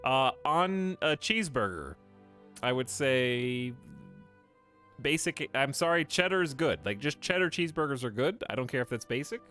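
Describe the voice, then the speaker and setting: A man's voice: medium pitch, expressive, normal speed, sharp tone, soft background music. A man streaming a game live, rambling casually to his chat as he plays. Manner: rambling, talks to chat while playing.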